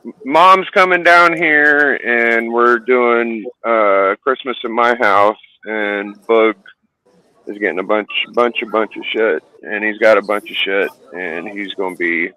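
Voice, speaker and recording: A man's voice: lowish voice, measured pace, sharp tone, no echo, poor audio. A man chatting casually in a podcast, laid-back and plain-spoken. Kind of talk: casual chat.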